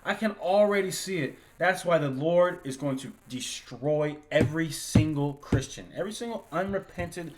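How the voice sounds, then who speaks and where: A man's voice: on the high side, moderate pace, hardly any pauses, low-quality recording. A man co-hosting a livestream Bible class, reading verses aloud and commenting bluntly, with profanity. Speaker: co-host reading scripture.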